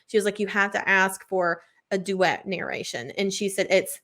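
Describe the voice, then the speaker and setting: Young woman, casual podcast chat, chatty storyteller, mid-pitched voice. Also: normal speed, a bit bright. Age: 20s. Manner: chatty storyteller, lots of "like" and laughs. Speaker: podcast co-host.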